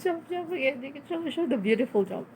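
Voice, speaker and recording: A woman's voice: high voice, animated, fast, a little mellow, slight background noise. A woman coaching a child through exercises off camera, cheering him on with repeated praise and frequent laughter. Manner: cheering, repetitive, laughs often. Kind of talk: casual home video coaching.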